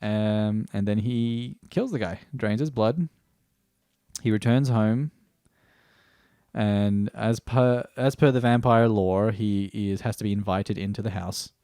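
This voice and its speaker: A man's voice: lowish voice, takes it slowly, dark tone, no room sound, studio quality. A man reviewing a TV series in a rambling, stream-of-consciousness way, swearing casually and often restarting sentences. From Australia.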